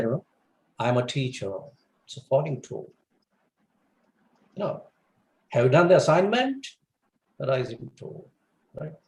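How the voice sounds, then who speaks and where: A man from India giving a lecture on English, explaining at length with lots of "you know" and "for that matter", his pitch rising and falling for emphasis. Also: a little mellow, reverberant, low-quality recording. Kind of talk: recorded lecture.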